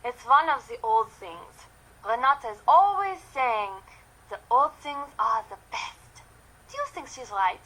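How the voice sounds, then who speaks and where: A courteous German castle steward. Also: female voice, on the high side, very animated, measured pace, bright, forceful tone, heavily acted, rough recording. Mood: wistful. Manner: courteous, formal, slightly apologetic. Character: polite female castle steward, German-accented.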